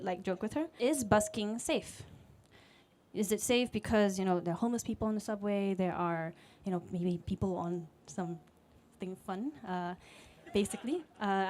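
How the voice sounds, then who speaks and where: With a mid-range, darkish voice, a Singaporean woman in her late 20s tells a personal story at a live storytelling event. She teaches music and speaks conversationally and candidly to the audience, using fillers and voiced quotes.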